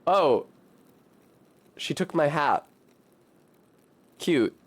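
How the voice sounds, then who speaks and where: A man's voice: a little high, expressive. A man streaming a narrative game, reading character lines aloud and joking about them. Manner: jokey, reads dialogue in a slow deliberate way.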